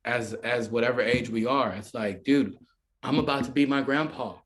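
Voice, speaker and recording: A man in a relaxed podcast conversation, at an everyday middle pitch. He rambles with lots of filler words and drops into brief playful impressions of other people as he makes his point. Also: moderate pace. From United States. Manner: rambling, filler-heavy, often acts out quoted voices. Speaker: podcast guest, musician.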